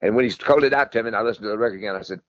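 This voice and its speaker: Quick-talking older man telling stories. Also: lowish voice, dry recording, muffled recording. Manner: rambling, folksy, repeats himself. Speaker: guest, country singer. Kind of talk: storytelling interview.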